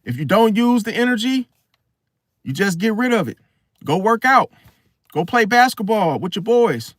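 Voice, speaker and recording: This astrology-video host talks to camera in a loose, slangy ramble, often starting sentences over. He has a fairly high male voice, sing-song and a bit bright, at a normal pace. Dry, close recording without any room sound.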